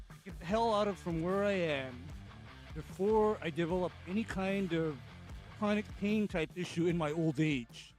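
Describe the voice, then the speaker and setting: A man co-hosting a podcast who talks in an animated way, exclaiming and laughing. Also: high voice. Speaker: podcast co-host. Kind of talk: casual banter.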